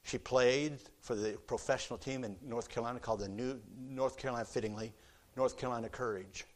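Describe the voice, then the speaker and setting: A man preaching a sermon in a church auditorium, shifting between quiet storytelling and loud, fervent exhortation. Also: mid-range voice, fairly even intonation, a little fast. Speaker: visiting preacher.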